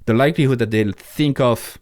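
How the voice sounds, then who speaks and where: A man's voice: mid-range voice, a little fast, a little mellow, dry recording, studio quality. A man with a French accent, a podcast guest in casual interview talk, blunt and swearing freely, often restarting his sentences. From France.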